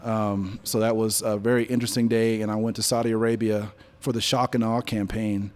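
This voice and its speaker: This is a man in his forties, a business leader, interviewed on stage at an event venue with an audience watching. His voice is on the low side and fairly quick, and his casual storytelling turns animated when he repeats what others said.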